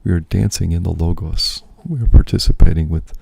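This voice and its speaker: A man's voice: low voice, a little fast, gravelly, warm tone, breathy edge, dry recording. A man, a priest and host, musing aloud in casual spoken reflection, often checking in with "right?".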